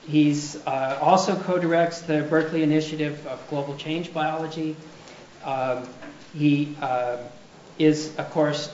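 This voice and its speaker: A man hosting a lecture, introducing the speaker with many hesitant fillers. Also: fairly high pitch. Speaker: lecture series host. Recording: echoey muffled room with faint noise.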